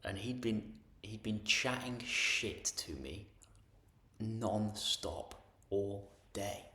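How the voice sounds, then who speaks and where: A man telling a personal story in a soft, often hushed, near-whispered voice. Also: fairly low pitch, drawn-out words. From United Kingdom. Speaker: spiritual teacher. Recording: echoey room.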